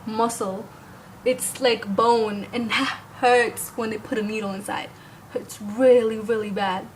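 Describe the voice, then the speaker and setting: A young woman with a slightly high voice tells a story straight to camera. She rambles casually and keeps slipping in "like" and the occasional curse word. It sounds like an unscripted vlog. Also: a bit bright, slight background noise, rough recording. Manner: rambling, heavy use of "like", occasional cursing. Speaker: vlogger.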